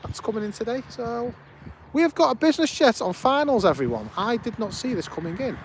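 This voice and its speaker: A man's voice: very high voice, animated, fairly quick, a little hiss or hum. Chatty Scouse man hosting a live stream. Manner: chatty, greets viewers by name, enthusiastic commentary. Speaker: livestream host. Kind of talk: casual live-stream chat. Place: outdoors at an airport.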